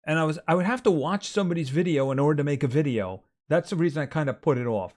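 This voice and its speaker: A man's voice: a little high, animated, quick pace, few pauses, darkish tone. A man streaming a farming game live, chatting casually with his viewers as he plays. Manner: chatty, talks to game animals and reads chat aloud.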